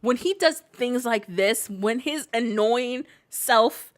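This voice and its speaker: A woman's voice: on the high side, slow pace. A young woman streaming a game, chatting casually and telling stories with lots of laughter. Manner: giggly, animated storytelling. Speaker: streamer and co-host. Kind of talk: casual chat while gaming.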